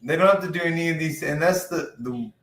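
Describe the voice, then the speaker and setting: A man's voice: a little high, quick pace, crowd noise. A man co-hosting a casual chat about wrestling, opinionated and rambling, swearing freely. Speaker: podcast co-host. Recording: roomy echo.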